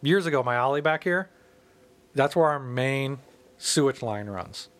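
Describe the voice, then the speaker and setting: A man's voice: mid-range voice, expressive, a little slow, a bit bright. A man in his thirties from the Midwest, telling a profane story in casual chat and acting out the people in it. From American Midwest. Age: 30s.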